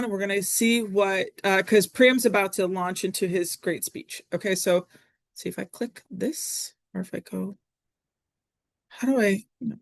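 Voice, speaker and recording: A woman teaching a Latin poetry lesson in a chatty, casual way, often pausing with fillers and correcting herself as she works through the text. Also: medium pitch, no echo. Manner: chatty, self-correcting, frequent ums. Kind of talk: recorded classroom lesson.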